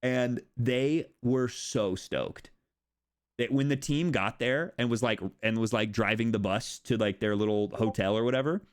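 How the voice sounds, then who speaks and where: Rambling, excitable young American man. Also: mid-range voice, measured pace, clean tone. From United States. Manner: animated, rambling, swears, laughs often. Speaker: streamer. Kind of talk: casual chat with chat.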